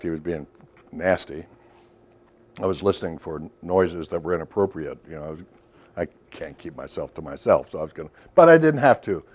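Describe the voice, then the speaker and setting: A man's voice: deep voice, a little mellow. A middle-aged man giving a workshop lecture in a loose, storytelling way, with asides and questions to the audience. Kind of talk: recorded lecture to a professional audience.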